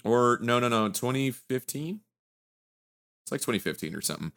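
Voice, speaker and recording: A man's voice: medium pitch, animated, normal speed, creaky, fairly bright tone. A man co-hosting a casual podcast chat, laughing often and joking about games. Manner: laughs often, jokey, quotes game lines. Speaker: podcast co-host.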